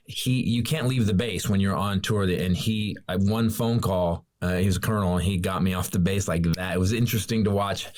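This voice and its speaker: A man, a comedian guest, chatting casually in an interview and telling anecdotes with many halting restarts. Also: deep voice, darkish tone.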